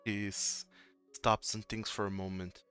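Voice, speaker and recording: A man narrating as game master of a tabletop game in an unhurried way, with fillers. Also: fairly low pitch, flat delivery, fairly bright tone, clear, resonant tone, faint music behind.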